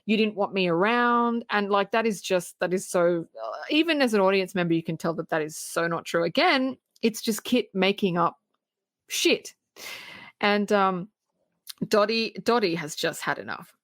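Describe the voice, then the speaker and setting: Woman, podcast co-host, animated film recap, medium pitch, dry close sound. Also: moderate pace, no room sound. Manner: animated retelling with laughs and acted quotes. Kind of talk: casual film recap chat.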